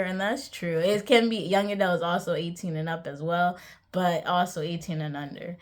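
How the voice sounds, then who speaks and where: Chatty woman vlogger, lower voice. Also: steady tone, normal speed. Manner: chatty and hesitant, many ums, light laughs. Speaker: author vlogger. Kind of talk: casual vlog monologue.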